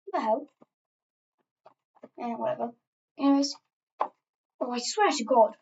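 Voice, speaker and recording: Rambling, gravelly, offhand young woman. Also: on the high side, animated, a little slow, a little mellow, dull audio, a little hiss or hum. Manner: rambling, offhand, with many fillers and asides. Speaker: alternate-history mapper. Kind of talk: casual map narration while editing.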